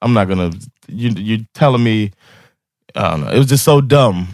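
A man on a podcast, telling a story in an animated way, laughing often and acting out the people he quotes. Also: on the low side, normal speed, no echo, clean studio sound. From United States. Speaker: podcast co-host. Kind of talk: casual storytelling chat.

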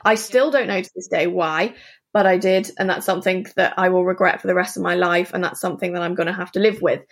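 A woman, an interview guest, telling a personal story in an earnest, halting way full of asides. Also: fairly low pitch, steady tone.

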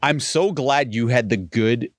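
A man's voice: medium pitch, unhurried, no room sound, studio quality. A man co-hosting a podcast, reacting to his partner and telling his own story in casual chat. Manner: chatty, reactive, tells his own anecdote. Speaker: podcast co-host.

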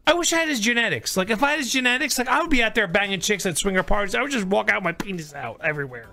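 A man's voice: high-pitched, expressive, racing, creaky, bright, forceful tone. A man co-hosting a podcast, crude and joking in casual banter. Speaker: co-host.

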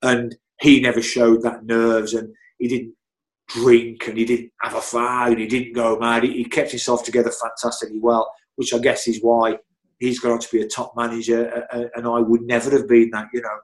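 A man's voice: medium pitch, monotone, normal speed. A middle-aged man, speaking as an interview guest. He spins long, easygoing anecdotes, often circling back with restarts and filler phrases. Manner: chatty, rambling, many "you know"s and restarts. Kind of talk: anecdotal storytelling.

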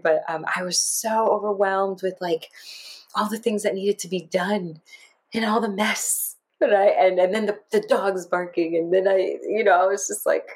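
A woman co-hosting a podcast, talking through her feelings in a rambling, emotional way with lively quoted asides. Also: lowish voice, normal speed. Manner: emotional, rambling, animated quoting. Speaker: podcast co-host. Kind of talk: casual podcast chat.

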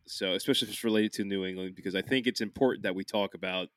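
A man's voice: low-pitched, steady tone, racing, fairly bright tone, no echo, clean studio sound. A man hosting a podcast in casual chat, rambling and swearing freely. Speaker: podcast host.

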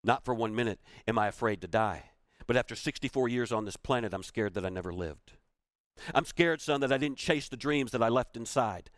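A man voicing his aging mentor in his sixties, who speaks quietly, tenderly and plainly. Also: mid-range voice, fairly quick, no echo, clean studio sound, natural voice. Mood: frightened. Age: 60s. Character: aging male mentor, dying, gentle and fatherly.

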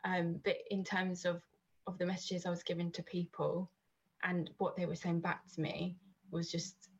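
Low, husky woman in her thirties, rambling guest chat with lots of restarts, dull lo-fi recording. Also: little pitch movement, moderate pace. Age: 30s. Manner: rambling, many restarts and fillers. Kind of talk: casual podcast chat.

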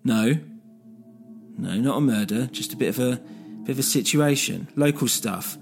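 A man voicing a gruff, short-tempered local police officer, curt and dismissive, with music underneath. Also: medium pitch, moderate pace, lightly acted. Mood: defensive.

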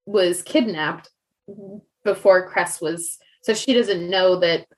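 A woman's voice: on the low side, takes it slowly, poor audio. A woman co-hosting a podcast, chatting casually about a book and rambling with lots of "like" fillers. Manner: rambling, heavy use of "like" fillers. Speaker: podcast co-host. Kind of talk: casual book discussion chat.

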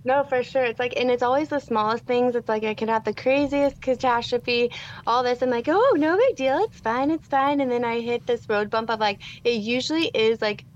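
A woman in her thirties co-hosts a podcast in lively, casual chat. She acts out her own reactions as she talks. Her voice sits a bit high, and the recording sounds dull and lo-fi. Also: a little fast. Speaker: podcast co-host.

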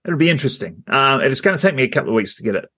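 Speaking very fast in a sing-song, fairly bright mid-range voice, a male podcast co-host spins a rambling tale. The chat is casual, packed with filler words and punctuated by frequent laughter.

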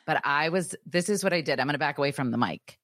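A woman in her thirties, a podcast co-host, talking candidly in casual chat with quick asides. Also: deep voice, expressive, a bit bright, no echo, studio quality.

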